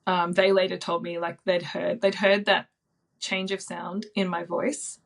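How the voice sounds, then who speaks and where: A woman in her thirties, a podcast guest telling a personal story in a soft, reflective way with frequent ums and likes. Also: on the low side, little pitch movement, unhurried, vocal fry. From Australia.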